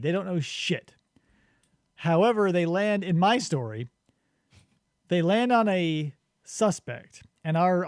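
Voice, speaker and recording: Brief: male podcast co-host, high lively voice, dry close sound, comic riffing. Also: no room sound. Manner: animated, swearing, acts out witness quotes. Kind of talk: casual comedic book discussion.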